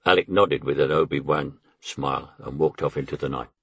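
A man's voice: extremely low pitch, brisk, a bit bright, husky, no echo, highs cut off. An older man narrating his memoir with wry, anecdotal storytelling.

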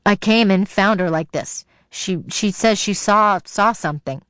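A woman's voice: medium pitch, lively intonation, normal speed, fairly bright tone, no echo, clean studio sound, lightly acted. A woman voicing a frightened, defensive teenage boy who stammers. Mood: nervous. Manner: nervous, stammering.

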